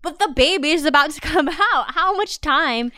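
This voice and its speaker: Bright high-voiced woman, playful. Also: expressive. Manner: playful, quick interjections. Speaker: podcast co-host. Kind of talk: casual chat about a film.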